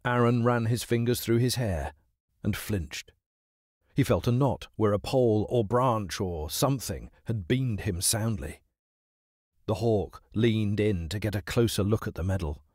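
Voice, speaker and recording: A man narrating a dramatized children's audiobook in an expressive, unhurried way. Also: lowish voice, dry recording, studio quality.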